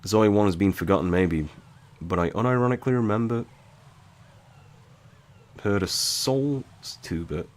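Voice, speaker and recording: A man's voice: fairly low pitch, a little slow, pauses often. A man giving casual, profane, wry commentary while he plays a video game. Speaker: gaming streamer. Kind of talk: casual let's-play commentary.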